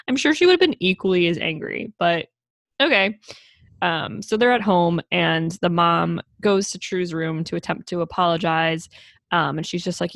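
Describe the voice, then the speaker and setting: A young woman co-hosting a podcast, recapping a show in animated, exasperated casual chat, swearing now and then. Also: on the low side, moderate pace, creaky, dry recording, clean studio sound.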